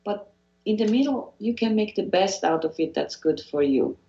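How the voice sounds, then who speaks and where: A woman's voice: mid-range voice, lively intonation, normal speed, mellow, reverberant, muffled recording. A woman from Switzerland with a Swiss accent, a guest hypnotherapist talking earnestly in an interview and often repeating phrases and restarting sentences. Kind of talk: motivational interview talk.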